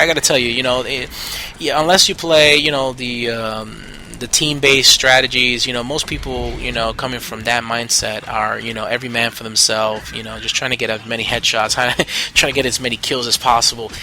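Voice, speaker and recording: Male gaming host, bright and forceful, chatty rambling voice-over with lots of restarts, faint noise under it. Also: mid-range voice. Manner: rambling, enthusiastic, many fillers and restarts. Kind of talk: gameplay commentary voice-over.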